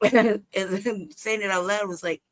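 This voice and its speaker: A woman's voice: medium pitch, steady tone, measured pace. A woman hosting a live stream, telling a personal story in casual, profane talk, often laughing and acting out past exchanges. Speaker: livestream host.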